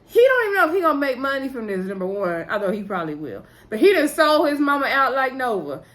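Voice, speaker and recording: A woman vlogger recaps a TV episode, rambling casually and talking straight to her viewers, full of asides like "so anywho." Her voice sits high and is a bit bright, with big pitch swings and a fast delivery.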